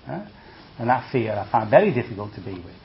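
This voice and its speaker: Monk teacher, lively pitch, chatty dharma talk, dull lo-fi recording with faint hiss. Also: male voice, brisk. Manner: conversational, checks in with "see?" and "okay?"; lively, acts out reactions with humor.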